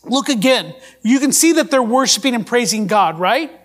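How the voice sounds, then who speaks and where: A man with a high voice preaches to his congregation. He reads scripture aloud and asks his listeners questions as he goes. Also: lively intonation, moderate pace, fairly bright tone. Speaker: pastor. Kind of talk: sermon.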